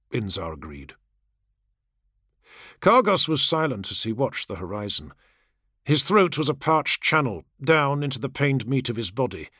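Guy narrating a dark audiobook, very expressive pitch, dry close sound. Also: dry recording. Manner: dramatic, expressive reading. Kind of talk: scripted narration.

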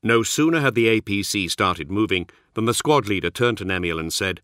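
Deep-voiced male audiobook narrator. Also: expressive, fairly quick, few pauses, sharp tone, dry recording, studio quality.

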